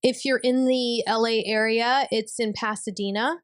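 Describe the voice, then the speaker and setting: A woman's voice: a little high, steady tone, moderate pace, no echo, clean studio sound. A woman, hosting a casual chat in a bubbly, giggly way. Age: 30s. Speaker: podcast host.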